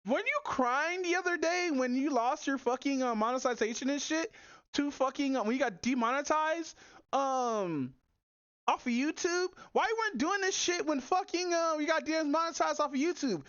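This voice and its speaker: A woman's voice: high-pitched, expressive, normal speed, fairly bright tone, dry recording. A woman streaming live, mocking a clip in casual, slangy commentary. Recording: dull, dry lo-fi mic.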